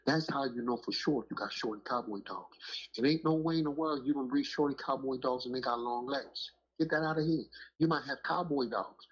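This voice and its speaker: A man's voice: medium pitch, slightly rough. A middle-aged man and dog breeder talking in a casual, emphatic storytelling style, full of street slang and "you know what I'm saying". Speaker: dog breeder on a podcast talk show. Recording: muffled lo-fi audio.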